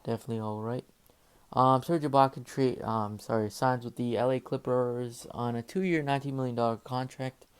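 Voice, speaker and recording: A man's voice: mid-range voice, steady tone, moderate pace, clear, resonant tone. A young man casually reading out sports news as host, hesitant with many fillers and self-corrections. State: slightly out of breath. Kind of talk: casual unscripted news rundown.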